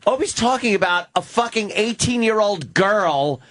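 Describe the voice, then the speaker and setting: A man's voice: sits high, lively intonation, moderate pace, fairly bright tone. A man hosting a radio show, needling a caller in a jokey, casual banter. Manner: needling, jokey, laughs often. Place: radio studio.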